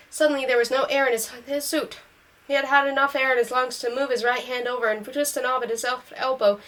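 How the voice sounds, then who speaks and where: A woman reads a short story aloud in a fairly high voice. She keeps a steady, unhurried storytelling pace and lets the characters' lines come through with only a light change of voice. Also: rough recording. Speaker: reader.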